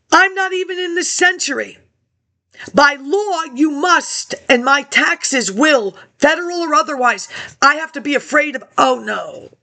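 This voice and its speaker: A woman's voice: sits high, bright, forceful tone. A woman rambling through old archive documents in a scattered monologue, answering herself in asides. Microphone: laptop webcam.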